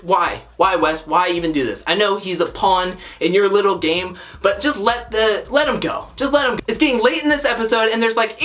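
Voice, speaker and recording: A woman's voice: on the high side, fairly bright tone. A woman casually recapping and reviewing a reality TV episode, chatty and opinionated, often breaking into exasperated rhetorical questions. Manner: chatty, rambling run-on sentences.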